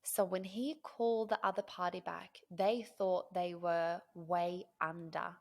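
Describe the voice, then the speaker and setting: A woman in her thirties, a podcast host telling a personal story in an animated, emotional way. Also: on the low side, creaky. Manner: animated, emotional storyteller who acts out dialogue.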